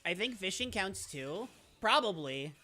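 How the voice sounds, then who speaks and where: A playful male streamer chats with his viewers in a high, bright voice. His pitch swoops all over as he rambles, restarts and reads out chat. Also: big pitch swings, unhurried. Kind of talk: casual live-stream chat.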